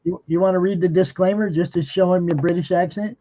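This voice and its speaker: A man's voice: high voice, fairly even intonation, fast talker, mellow. A man hosting a casual live-stream chat, teasing his co-host. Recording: dull lo-fi stream audio.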